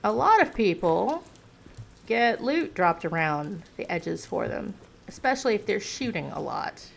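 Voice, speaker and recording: A woman doing gameplay commentary who shouts frantic commands at her character, swears a lot, and talks calmer and self-deprecating between fights. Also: medium pitch, measured pace, vocal fry, slight background noise.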